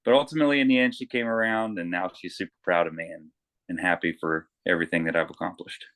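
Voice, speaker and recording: A man, a Navy veteran, talking casually in an interview and telling animated stories from his service, swearing freely and acting out shouted lines. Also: low voice, fast, no room sound. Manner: animated storyteller, swears freely, acts out yelling.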